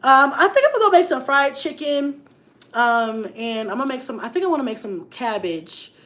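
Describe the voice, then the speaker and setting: A middle-aged woman and mom vlogger in casual live-stream chat, talking in a chatty, animated way and breaking off now and then to call out to her kids at home. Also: high voice, normal speed, slight background noise.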